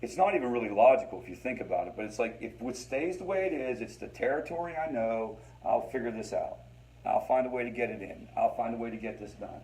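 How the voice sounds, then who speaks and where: A man's voice: medium pitch, animated, fast, darkish tone, low-quality recording. Man leading a recovery support group. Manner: conversational, repeats phrases, addresses listeners as guys. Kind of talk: informal teaching talk to a support group.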